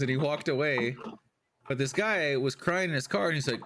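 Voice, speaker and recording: A man's voice: fairly high pitch, fast talker. A man co-hosting a casual podcast chat, retelling a story and acting out the people in it. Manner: animated storyteller, acts out quoted lines. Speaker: podcast co-host.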